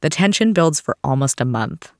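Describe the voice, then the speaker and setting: A man's voice: on the high side, lively intonation, moderate pace. A man hosting a podcast, telling a story in scripted documentary narration with a wry touch. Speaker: podcast host.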